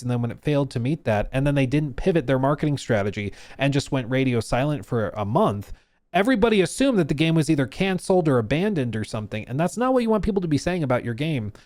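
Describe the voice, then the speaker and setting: A man's voice: medium pitch, lively intonation, fast, a little mellow. A man streaming live, ranting through reaction commentary with emphatic repetition. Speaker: streamer and host.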